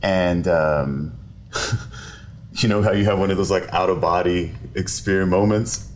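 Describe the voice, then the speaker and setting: A man, a lawyer, telling a story in a casual podcast interview, animated and quick to laugh while acting out quotes. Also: low-pitched, a little hiss or hum. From South Texas. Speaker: personal injury lawyer, podcast guest. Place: podcast studio.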